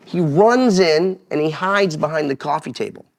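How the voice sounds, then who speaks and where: A man co-hosting a podcast, pushing an excitable, profane story in casual chat. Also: fairly high pitch, moderate pace, vocal fry. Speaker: podcast co-host.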